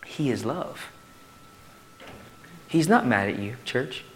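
A male pastor preaching a sermon to his church in an animated way, swinging from loud to hushed. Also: mid-range voice, takes it slowly, slight background noise.

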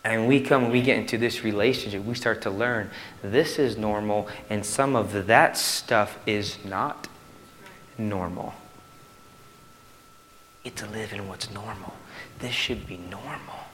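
A male pastor preaching a sermon to his church in an animated way, swinging from loud to hushed. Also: on the low side, unhurried, pauses often.

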